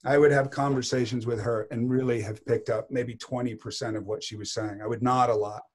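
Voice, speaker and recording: A man's voice: medium pitch, a little fast. A middle-aged man, an actor, telling casual anecdotes in an interview and acting out what others said. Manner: animated anecdotes, quotes others in voices. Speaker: actor guest.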